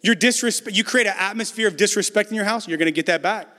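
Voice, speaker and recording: Man, pastor, high voice, conversational sermon, repetitive emphasis, long hall reverb. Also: quick pace, sharp tone.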